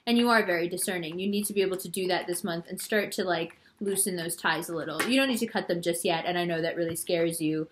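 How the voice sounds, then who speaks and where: A woman's voice: fairly low pitch, quick pace, hardly any pauses, slight background noise. A woman giving a casual astrology and tarot reading, playful and rambling, with a lot of "like". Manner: chatty and rambling, heavy use of "like"; playful, teasing. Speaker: tarot reader.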